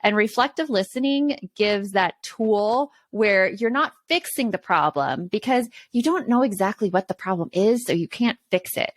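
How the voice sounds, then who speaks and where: A woman's voice: medium pitch, expressive, normal speed, few pauses, no room sound. A woman co-hosting a casual parenting podcast, explaining earnestly with examples from her own home. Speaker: podcast co-host.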